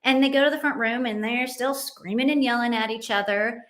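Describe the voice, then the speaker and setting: A middle-aged woman with a slightly high voice tells a story from her family life. She hosts a Christian parenting show and speaks in an earnest, heartfelt way. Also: steady tone, a little fast, a bit bright. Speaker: Christian parenting podcast host. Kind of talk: personal storytelling.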